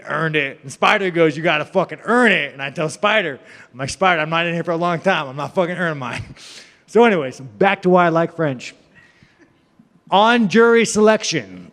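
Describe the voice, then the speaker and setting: A young man tells a story in a loose, rambling way, swearing freely and laughing between lines. His voice sits a little high for a man. The recording has a long, echoing reverb. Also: a bit bright. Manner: profane, rambling, laughing asides. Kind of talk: casual storytelling.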